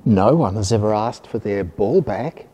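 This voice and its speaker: A man voicing a grumpy, reclusive old male neighbour in a storybook reading, with a gruff, growling manner. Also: lowish voice, expressive, a little slow, mellow, voice pushed down. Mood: musing. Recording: reverberant hall.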